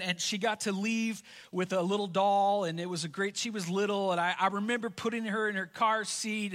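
A man in his thirties delivers a sermon in a high, bright voice. He tells a family story in a conversational tone and repeats key lines for emphasis. His voice rings with long reverb from a church hall. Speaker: pastor.

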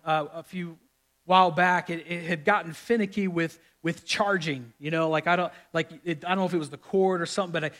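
Male pastor, high-pitched voice, conversational humorous sermon delivery in a church. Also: a bit bright. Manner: conversational, humorous preaching with repetitions. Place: church sanctuary with live audience.

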